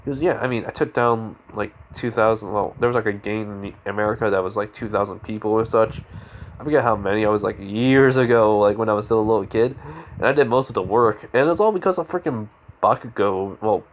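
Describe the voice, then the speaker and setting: Male storyteller making it up as he goes: halting, rambling, lower register. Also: muffled recording, slight background noise. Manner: rambling, halting, many restarts. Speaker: fan storyteller. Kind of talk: improvised fan story narration.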